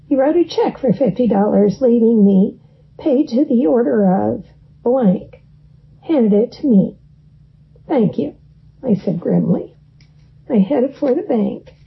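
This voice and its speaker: Woman narrator, slow gravelly delivery, wry first-person memoir read, muffled lo-fi sound. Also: on the high side. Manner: wry, dry storytelling. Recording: dull lo-fi recording.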